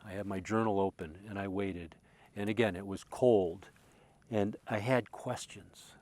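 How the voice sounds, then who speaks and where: Low-voiced man telling an emotional story. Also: fairly even intonation, measured pace. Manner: earnest, emotional, often repeating words as he restarts; swings from loud passionate recalling to quiet, hushed tones. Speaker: spiritual speaker. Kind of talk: reflective personal storytelling.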